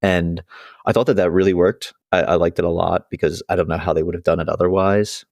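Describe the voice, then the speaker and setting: Low-voiced man steering podcast talk. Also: steady tone, fairly quick, vocal fry, darkish tone, no echo. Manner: earnest, leads the discussion. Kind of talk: casual chat.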